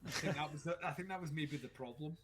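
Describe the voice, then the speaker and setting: A Scottish man in casual livestream chat, wandering through his thoughts with plenty of "um" and "like". His voice sits a little on the high side. He comes across as dry and self-mocking. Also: quick pace, slightly rough. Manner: rambling, wry, lots of fillers. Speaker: podcast co-host.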